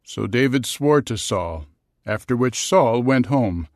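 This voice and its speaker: A man narrating scripture in a measured, expressive storytelling manner. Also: medium pitch, no room sound, studio quality.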